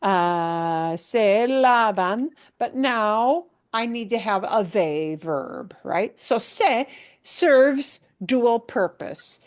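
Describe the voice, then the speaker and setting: A woman's voice: mid-range voice, expressive. A woman teaching a Spanish lesson, explaining patiently and often checking in with her students, mixing English with Spanish examples. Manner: slow, patient explaining with many checks like "right?". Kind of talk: live language lesson.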